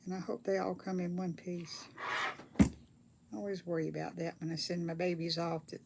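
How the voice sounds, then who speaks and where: A woman's voice: on the low side, level tone, moderate pace, gravelly, heavy background noise. An older woman chats casually with viewers during a craft livestream, reading their comments aloud in a folksy way. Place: home craft table.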